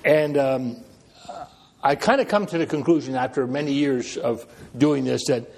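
A man preaching a sermon, swinging widely between loud emphatic phrases and quiet ones, with conversational asides and self-deprecating humor. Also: normal speed. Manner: dramatic, with wide swings in pitch and loudness.

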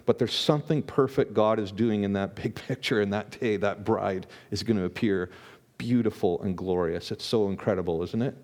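A man's voice: medium pitch, darkish tone. A man preaching a conversational sermon as a pastor, often repeating words and restarting his sentences.

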